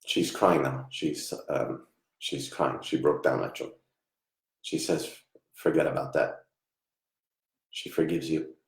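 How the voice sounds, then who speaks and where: A man giving a live online psychic reading, soft-spoken and halting, often trailing off quietly. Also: very deep voice, steady tone. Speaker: psychic medium. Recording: echoey room.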